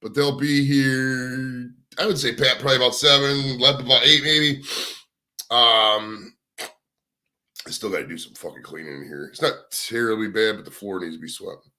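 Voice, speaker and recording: A man's voice: mid-range voice, normal speed, sharp tone. A young man hosting a casual livestream from home, rambling and swearing as he chats to his viewers. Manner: rambling, profane, chatting to viewers. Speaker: livestream host. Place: home, indoors.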